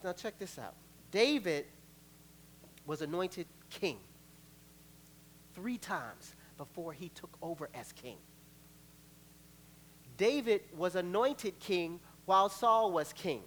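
A man preaching a sermon as pastor, conversational and animated, joking with the congregation. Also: high-pitched, slow, long pauses, a little hiss or hum. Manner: animated, acts out quoted voices, laughs between points.

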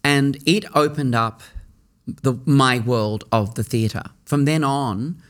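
A middle-aged man who works as a stage actor, looking back over his career in an unhurried interview. He muses aloud, restarts his sentences and pauses to find the right words. His voice sits in the middle of the male range. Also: mid-range voice. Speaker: theatre actor. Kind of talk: reflective interview storytelling.

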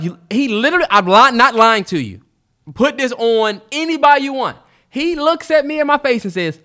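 A man co-hosting a podcast, chatting casually, telling animated stories and swearing freely. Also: extremely high pitch, moderate pace. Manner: animated storytelling, swears freely, mimics others. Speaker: podcast co-host. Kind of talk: casual chat.

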